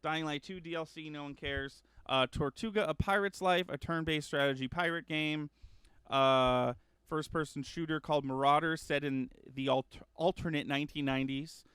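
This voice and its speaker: Dude rambling thru gaming news, lots of ums, kinda high smooth voice, excited. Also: male voice, moderate pace, dry recording, studio quality. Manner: rambling, many ums and uhs, self-correcting; excitable about upcoming games. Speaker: gaming news show host. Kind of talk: casual news chat.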